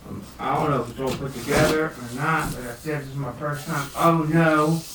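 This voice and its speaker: A young man chatting loosely through an unboxing vlog in his home kitchen, often breaking into loud exclamations. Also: on the high side, fairly even intonation, normal speed. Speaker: hobby snake breeder vlogger. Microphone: phone camera set across the room. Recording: echoey, distant and noisy room sound.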